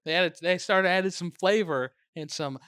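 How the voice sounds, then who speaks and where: A man's voice: sits high, moderate pace, fairly bright tone, clean tone, no echo, clean studio sound. A man co-hosting a podcast, dropping short wry jokes and remarks in casual chat. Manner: short wry interjections, joking. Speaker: podcast co-host.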